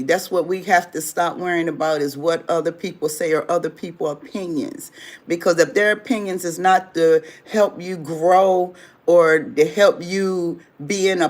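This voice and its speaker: A livestream host chats casually with viewers. The speech is loose and rambling, full of repeated phrases and everyday advice. The tone stays conversational rather than scripted. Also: medium pitch. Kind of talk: casual livestream talk answering viewer chat.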